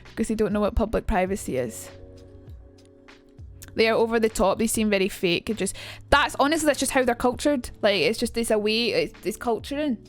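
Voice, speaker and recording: A young woman chats on a live stream in a rambling, easygoing way. Her voice sits a little high, and soft music plays in the background. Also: a little fast. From United Kingdom. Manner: chatty, rambling, lots of fillers. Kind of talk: casual chat on a live stream.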